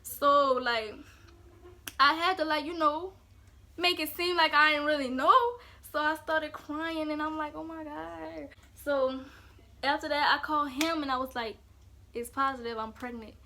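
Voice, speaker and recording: A woman's voice: high-pitched, pushed and bright. A young woman, telling a casual storytime vlog in a chatty way, full of "like". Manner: casual, chatty, fillers of "like" throughout. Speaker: vlogger.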